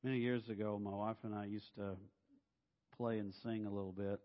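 A middle-aged man, a pastor, preaching a sermon in an animated, humorous way and acting out voices. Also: fairly low pitch, normal speed. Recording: dull sound in a reverberant hall.

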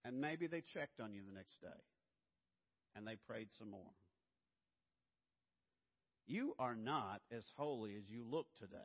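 A man preaching a sermon as pastor, swinging from hushed low lines to loud, urgent emphasis. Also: animated, measured pace, pauses often. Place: church sanctuary. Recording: dull lo-fi sound, long hall reverb.

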